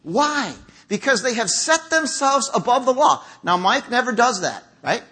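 Guy pastor giving a sermon, high voice, bouncy up and down, talks to the crowd like a chat. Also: measured pace, husky. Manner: lively, conversational preaching with acted-out quotes. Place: church sanctuary.

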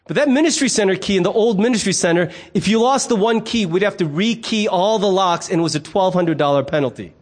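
High-voiced man preaching a lively sermon. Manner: animated storyteller who acts out quoted voices; conversational and humorous. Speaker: pastor.

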